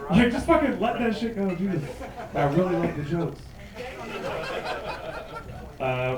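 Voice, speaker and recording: A man in his thirties performing a profane stand-up set, loud and punchy, slipping into mocking put-on voices. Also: on the high side. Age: 30s. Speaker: stand-up comedian. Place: comedy club stage. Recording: echoey club, mic heard from a distance, laughing crowd.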